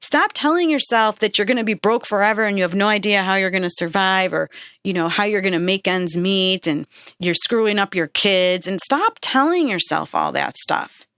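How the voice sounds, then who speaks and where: A woman's voice: mid-range voice, expressive, moderate pace, a bit bright, clean tone, no room sound, clean studio sound. A woman hosting a podcast, giving earnest, encouraging self-help advice in a casual way and often checking in with "right?" and "okay?". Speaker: podcast host. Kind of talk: motivational self-help talk.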